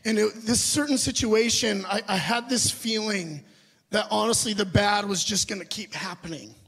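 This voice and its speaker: Young guy pastor with a high voice, earnest sermon storytelling, keeps asking the crowd stuff. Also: normal speed, a bit bright, husky. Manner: earnest storytelling with audience questions.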